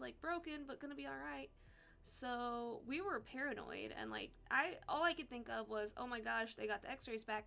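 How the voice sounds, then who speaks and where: A young woman recounts a story in a casual, blunt way, swearing freely and acting out what others said. Her voice is bright and somewhat high, with a gravelly edge. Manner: blunt, profane, animated retelling with quoted dialogue. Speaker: vlogger telling a personal story.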